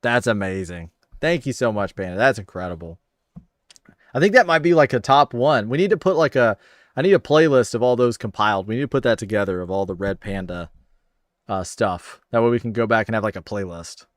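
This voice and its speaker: Here a male livestream host speaks in a lowish, animated voice at a brisk clip. It's casual chat as he reads viewer comments, staying upbeat and friendly and thanking viewers by name. The recording is dry and studio-clean.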